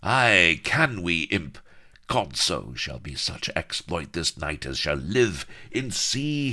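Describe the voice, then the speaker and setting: A man's voice: low voice, pushed and bright, exaggerated voice. A man voicing a boastful, swaggering pirate captain who blusters in archaic swashbuckling speech.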